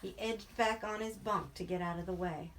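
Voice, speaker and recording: A woman's voice: medium pitch, steady tone, normal speed, a little hiss or hum. Woman reading a novel aloud. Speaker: narrator. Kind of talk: audiobook reading.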